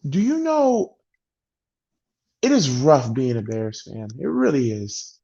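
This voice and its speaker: This sports vlogger has a warm, mid-range voice with vocal fry, huge pitch swings and a slow delivery. He rants bluntly about his football team, exasperated and sighing heavily, on a dull lo-fi recording.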